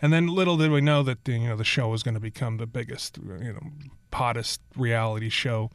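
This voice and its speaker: A man telling stories as a guest in a casual interview, rambling and animated, acting out what people said. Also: medium pitch, fairly quick, no room sound. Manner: rambling, animated storyteller who acts out quotes.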